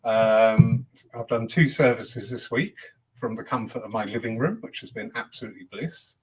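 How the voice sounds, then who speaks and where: A man's voice: lowish voice, normal speed, slightly rough, low-quality recording. A man hosting a casual panel discussion, chatty and given to acting out quoted voices. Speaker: host.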